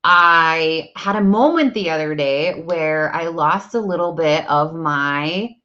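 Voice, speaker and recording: Thirtysomething woman venting to her viewers, lowish voice, kinda muffled lo-fi sound. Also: slow pace, bright, forceful tone. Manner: candid, storytelling, acts out conversations. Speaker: vlogger on self-improvement. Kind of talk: casual talk to viewers, live stream. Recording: dull lo-fi sound.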